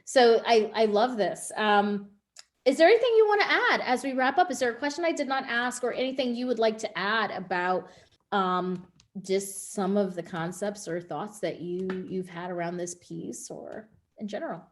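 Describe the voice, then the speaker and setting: Woman, interviewer, radio host, curious, expressive, conversational, mid pitch. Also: moderate pace. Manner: curious, expressive, laughs easily.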